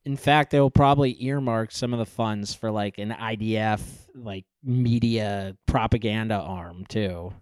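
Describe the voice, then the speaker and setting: A man's voice: lowish voice, measured pace, hardly any pauses, clean tone, no echo, studio quality. Wry, sardonic male co-host. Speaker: podcast co-host. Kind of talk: casual banter.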